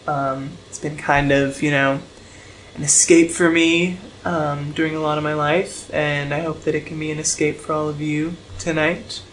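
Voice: mid-range voice, flat delivery, normal speed, a bit bright, a little hiss or hum, natural voice, low-quality recording. A tabletop player voicing an ambitious male bard who introduces himself to a crowd like a stage announcer, with hesitant ums. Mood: showman.

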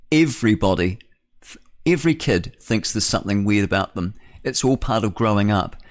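A male breakfast-radio host talks on at length in a fairly low voice, rambling from point to point. He often laughs at his own remarks. He sounds close to a studio microphone. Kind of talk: opinionated talk radio monologue.

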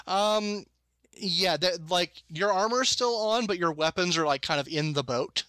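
A man runs a tabletop game, narrating haltingly with frequent ums. His voice is bright and a bit high. The sound is dry and close. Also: no echo. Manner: hesitant, many ums. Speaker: game master.

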